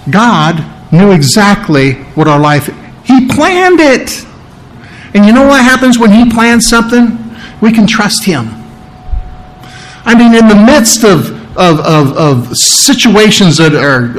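A male pastor delivering a sermon with a somewhat high-pitched voice. He talks to his congregation in a plain, conversational way, circling back on his phrases and asking them questions as he goes. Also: low-quality recording.

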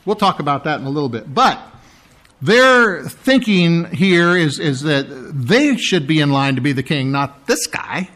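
A man delivers a sermon in a fairly high voice. He teaches verse by verse with lively emphasis. Now and then he slips into a mocking tone. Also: unhurried. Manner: animated, mocks the priests in a put-on sneering voice. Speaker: preacher.

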